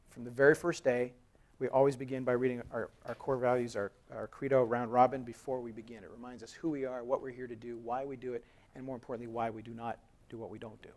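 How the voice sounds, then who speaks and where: A man in his thirties giving a live conference presentation, conversational and storytelling, joking with the audience. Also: medium pitch. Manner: animated storytelling, acts out quoted dialogue. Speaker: conference speaker. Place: conference hall.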